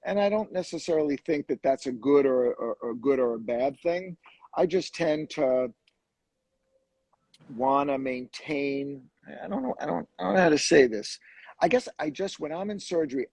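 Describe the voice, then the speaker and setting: A man, a surgeon co-hosting a live video chat, talking casually with halting restarts and laughing at his own jokes. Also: mid-range voice, a little mellow, husky, no room sound, low-quality recording. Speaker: hair restoration surgeon, co-host. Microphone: video call.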